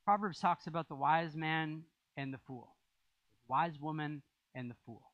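A man's voice: fairly high pitch, normal speed, dry recording, dull audio. A man preaching a sermon as pastor, in a conversational style with rising emphasis.

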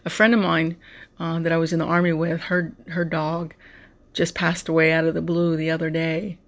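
Gravelly-voiced heartfelt podcast host. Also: mid-range voice, flat delivery, moderate pace. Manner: heartfelt, repeats and restarts words. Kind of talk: emotional personal monologue. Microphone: podcast mic.

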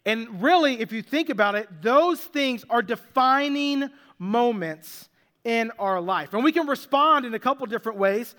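A man preaching a sermon in a conversational, self-deprecating way, slowing down on key words for emphasis. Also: very high-pitched, pushed and bright, long reverb tail. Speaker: pastor.

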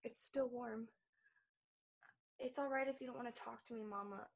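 A grown daughter with a child's heart, played by an actress, high and airy in tone. She pleads with her mother earnestly, stumbling and halting as she talks. It comes across as stage drama. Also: steady tone, breathy edge. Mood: subdued.

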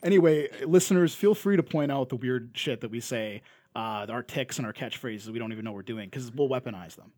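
A man's voice: mid-range voice, fairly quick, a little mellow, dry recording. A young Canadian man with a Canadian accent, co-hosting a podcast in casual chat, rambling with lots of fillers and restarts. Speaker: podcast co-host.

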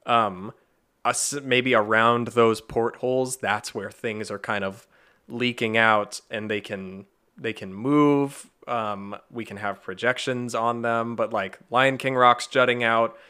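A male podcast co-host riffs on ideas in relaxed chat, his voice bright and clear. He talks eagerly and fills his thoughts with likes and ums. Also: medium pitch, slow pace. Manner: enthusiastic, full of filler words. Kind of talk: casual brainstorming chat.

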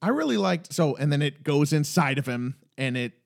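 Man podcast co-host, high voice, lively and amused, casual banter. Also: moderate pace, gravelly. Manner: animated, laughs often, addresses characters directly. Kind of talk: casual rewatch podcast chat.

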